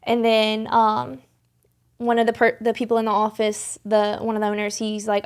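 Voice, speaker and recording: A woman's voice: a little high, completely flat delivery, normal speed, clear, resonant tone. A young woman guest on a podcast, earnestly telling a faith story in conversation, rambling with many restarts and fillers. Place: podcast studio.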